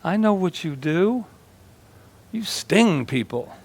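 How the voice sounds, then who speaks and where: A man's voice: high-pitched, sing-song, takes it slowly, pitched above the performer's own voice, full character voice. A man doing a wary, indignant frog. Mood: incredulous. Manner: incredulous, indignant. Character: wary, trusting male frog.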